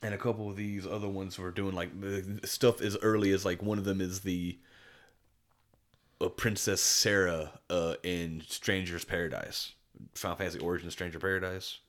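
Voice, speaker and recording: A man's voice: low voice, little pitch movement, moderate pace, fairly bright tone. A man co-hosting a podcast, chatting casually and enthusiastically, rambling with many restarts. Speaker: podcast co-host. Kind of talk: casual chat.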